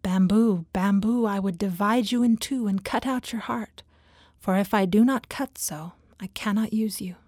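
A woman voicing a grave, loving male master of a garden, speaking in a solemn, measured way. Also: mid-range voice, darkish tone, no room sound, clean studio sound, lightly acted.

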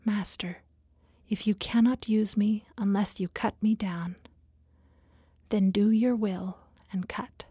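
A woman voicing a proud but gentle male bamboo plant who pleads in anguish, her voice lifting higher and louder as he begs. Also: steady tone, a little slow, few pauses, no room sound, clean studio sound, close to an everyday voice. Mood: hushed surrender. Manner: anguished, imploring, rising in pitch.

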